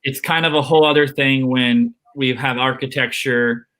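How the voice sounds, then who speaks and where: A man's voice: mid-range voice, steady tone, moderate pace, sharp tone. A man hosting a panel discussion over a video call, talking hesitantly with many restarts and fillers. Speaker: host.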